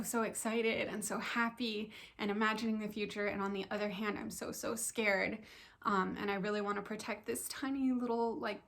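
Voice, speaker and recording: A young woman talking casually to camera about her week, chatty and excited, with many fillers. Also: mid-range voice. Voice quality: creaky. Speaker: vlogger sharing pregnancy update.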